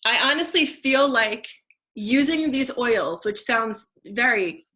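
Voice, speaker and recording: A woman's voice: fairly high pitch, expressive, slow, pushed and bright. A woman in her thirties talking casually and effusively about how selling essential oils helped her, with many fillers and restarts. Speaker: teacher and essential oils seller. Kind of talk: casual testimonial talk.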